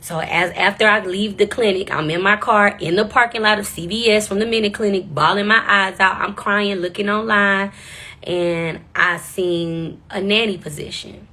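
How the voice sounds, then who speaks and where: A woman's voice: mid-range voice, moderate pace, sharp tone. A young woman in her twenties telling a personal story straight to camera, casual, candid and profane. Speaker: vlogger.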